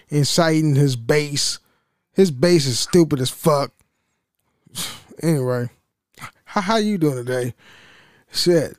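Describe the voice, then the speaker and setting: A man's voice: on the high side, takes it slowly, long pauses, a little mellow, clear, resonant tone, no room sound. A man hosting a casual solo podcast, rambling and profane, stammering and laughing between thoughts into a close mic. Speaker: podcast host.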